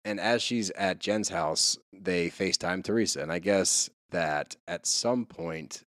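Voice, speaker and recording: A man's voice: low voice, unhurried, a bit bright, no room sound, clean studio sound. A man co-hosting a podcast, retelling scenes in an easygoing, amused way. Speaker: podcast co-host. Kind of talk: casual chat.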